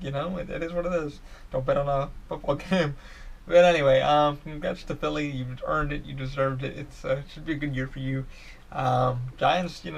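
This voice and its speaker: A young man rambles through a solo podcast episode, swearing often and tripping over his restarts. His voice sits a little high and carries a gravelly fry. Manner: profane, excitable, rambling with restarts. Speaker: podcast host.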